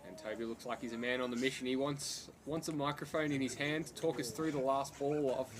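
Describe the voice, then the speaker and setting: A man doing live commentary on an amateur cricket match, building to shouts on big hits. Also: mid-range voice, steady tone, a little fast, slight background noise.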